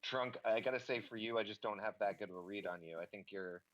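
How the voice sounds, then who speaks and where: Low-voiced man thinking aloud mid-game. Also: fast talker, a bit bright, dull audio, a little hiss or hum. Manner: thinks aloud, many restarts. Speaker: game player. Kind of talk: casual chat while streaming a game.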